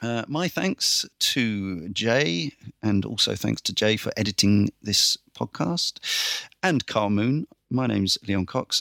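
A man hosting a casual podcast, briskly reeling off a list with dry little asides. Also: on the low side, creaky, a bit bright, no echo. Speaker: podcast host.

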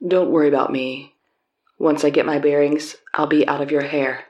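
A woman's voice: low voice, level tone, moderate pace, darkish tone, far from the mic, dull audio, voice pushed down, natural voice. A woman reading as a big, blunt tough guy. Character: large, powerfully built man, blunt and friendly.

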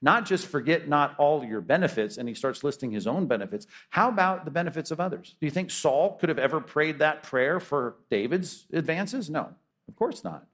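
A male pastor preaches a sermon emphatically, full of rhetorical questions. His voice has a fairly high pitch and a fairly bright tone, expressive and at a moderate pace.

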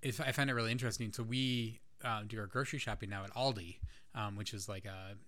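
A man's voice: on the low side, fairly even intonation, fast talker, bright, forceful tone, a little hiss or hum. A man from the American Midwest chatting in an easygoing way and drifting into tangents. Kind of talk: casual chat.

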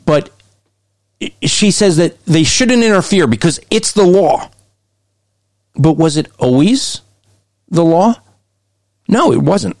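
A man's voice: on the high side, animated, takes it slowly, pauses often, darkish tone, no room sound, clean studio sound. Emphatic, argumentative male podcast host. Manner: emphatic, argumentative, often shifts pace. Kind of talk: commentary on played interview clips.

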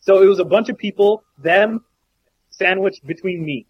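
A man co-hosting a podcast, telling a story in casual chat, profane and animated with many restarts. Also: high voice, moderate pace, slightly rough, no echo, highs cut off. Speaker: podcast co-host.

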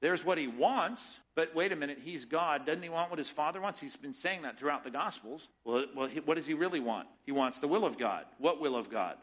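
Emphatic bright-voiced male pastor preaching. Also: a little high, expressive, fairly quick, few pauses, rough recording. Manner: rhetorical questions, emphatic teaching. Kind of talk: sermon.

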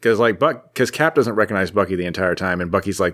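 A man's voice: fairly low pitch, expressive, fast talker, fairly bright tone. A man co-hosting a podcast, casually recapping a comic book in a jokey, rambling storytelling way. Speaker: podcast co-host.

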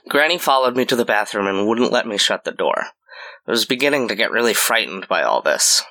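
A man narrating a scripted horror story in a measured storytelling way. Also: fairly low pitch, bright, forceful tone.

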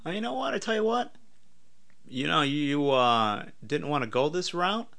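This is a man co-hosting a casual podcast. His tone is bright and forward, and he talks playfully, tossing out jokes and pushing his ideas with enthusiasm. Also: on the high side, animated, moderate pace, gravelly. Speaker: podcast co-host. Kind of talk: casual chat.

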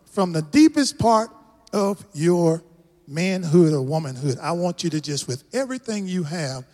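A middle-aged Texan man with a high, somewhat dark voice preaches a rousing sermon as a guest pastor, leading the congregation in call-and-response. The large church hall gives the recording a long reverb.

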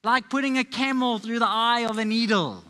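A man's voice: extremely high pitch, moderate pace, bright, forceful tone. A man preaching a sermon to a live congregation, telling Bible stories in a playful, conversational way. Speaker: pastor.

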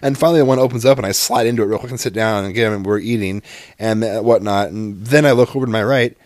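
Low-voiced guy rambling thru a story, cussing, totally fed up, dry sound. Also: quick pace, darkish tone, no echo. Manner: exasperated, profane, rambling with fillers. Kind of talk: casual storytelling.

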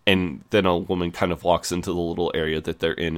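A British man co-hosting a podcast, recapping a TV episode in a halting casual way with many fillers. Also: deep voice, steady tone, creaky. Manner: halting with fillers like uh, you know. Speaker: podcast co-host.

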